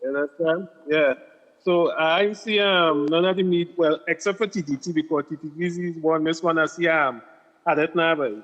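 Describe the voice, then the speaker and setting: A man's voice: on the high side, moderate pace, a bit bright. A Trinidadian man calling a morning show, casual and hesitant, dropping boy into his sentences. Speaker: caller. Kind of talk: phone-in chat. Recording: dull phone line with reverb.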